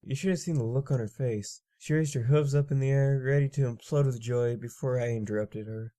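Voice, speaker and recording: A man reads a story aloud in steady first-person narration. His voice is mid-pitched and mellow, with a warm, relaxed tone. He keeps an even storytelling pace. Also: fairly quick. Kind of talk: audiobook reading of fan fiction.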